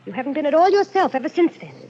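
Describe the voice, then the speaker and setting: Newlywed wife: soothing and coaxing, animated voice, lo-fi old radio with hiss. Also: female voice, high voice, very fast. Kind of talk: 1940s radio acting.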